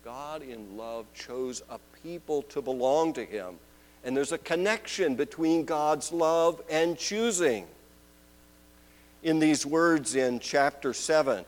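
A man preaching a sermon, moving between loud proclaiming and hushed, drawn-out questions. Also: medium pitch, expressive, rough recording.

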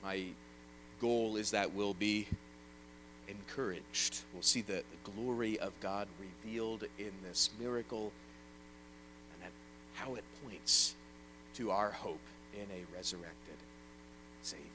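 A man preaching an evening sermon and reading scripture aloud, earnest, rising loud and then dropping soft. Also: on the low side, slow pace, long pauses, background noise.

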